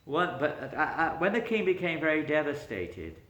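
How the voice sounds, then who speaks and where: A man, a spiritual teacher, telling a story in an animated lecture, often chuckling. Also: on the high side, normal speed. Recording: echoey room.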